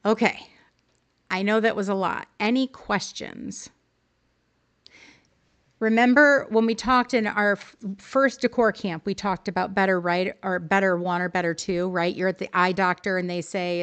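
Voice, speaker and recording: A woman's voice: mid-range voice, normal speed, fairly bright tone, smooth. A woman hosting a live stream, coaching her viewers through decorating choices in a friendly, upbeat way and answering chat as she goes. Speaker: livestream host teaching game decorating.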